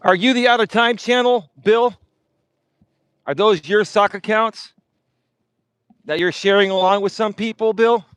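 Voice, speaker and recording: A man's voice: high-pitched, a little slow, long pauses, fairly bright tone, smooth, no room sound. A man hosting a livestream, taunting a rival with repeated jabs. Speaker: livestream host. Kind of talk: confrontational livestream rant.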